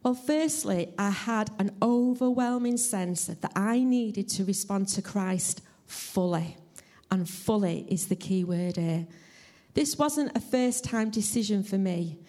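A woman preaching a church sermon in an earnest, heartfelt, measured way and sharing her own testimony. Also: medium pitch, lively intonation, warm tone. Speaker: lay preacher. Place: church service.

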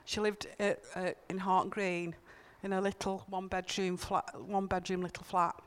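With a level, mid-range voice at a moderate pace, a church speaker gives an earnest, conversational sermon, telling personal stories and repeating her main points for emphasis. There's a little hiss or hum in the recording.

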